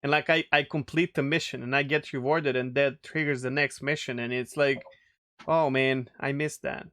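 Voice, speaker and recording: A man's voice: medium pitch, fairly even intonation, a little fast, sharp tone. A man co-hosting a casual gaming podcast, rambling and enthusiastic, laughing often. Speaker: podcast co-host. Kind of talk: casual chat.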